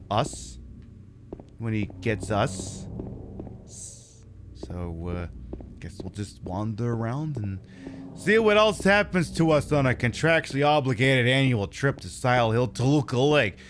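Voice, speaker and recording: A man's voice: mid-range voice, fairly bright tone, slight background noise. A man streaming a video game, giving casual, rambling commentary full of sarcastic jokes and swearing.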